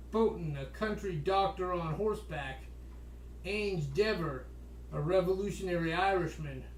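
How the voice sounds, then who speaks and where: A man reading a history book aloud as a podcast host, slowing down for emphasis and breaking off for wry asides. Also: high-pitched, a little hiss or hum. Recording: echoey room, voice distant from mic.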